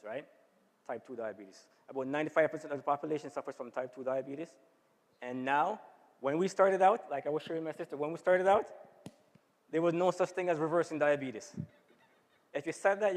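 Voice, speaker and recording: A man giving an informal health talk to a church audience, often checking in with them by asking "right?". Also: on the high side. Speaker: health seminar speaker. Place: church hall. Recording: long hall reverb.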